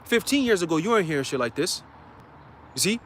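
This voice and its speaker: Brief: man, high voice, laid-back street-style preacher, faint traffic behind. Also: sing-song, fast talker. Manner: conversational, filler-heavy, reads scripture aloud. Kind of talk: livestream sermon, casual street talk.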